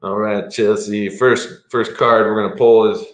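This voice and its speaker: A man's voice: lowish voice, little pitch movement, a little slow. Chatty psychic man, echoey room. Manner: chatty, rambling, with frequent chuckles. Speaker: psychic tarot reader. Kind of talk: live-stream tarot reading.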